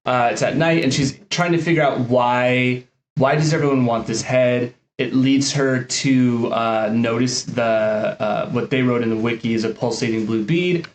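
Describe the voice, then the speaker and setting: A man's voice: medium pitch, a little slow, reverberant, rough recording. A man co-hosting a podcast, casually recapping scenes with frequent fillers. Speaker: podcast co-host.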